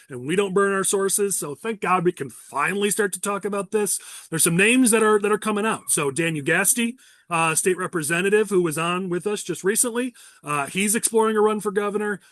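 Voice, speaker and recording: A man with a fairly high voice hosts a casual politics podcast. He speaks bluntly and with firm opinions, sometimes restarting his sentences. The sound is dry and close, with no room around it. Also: a bit bright, dry recording. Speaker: podcast host.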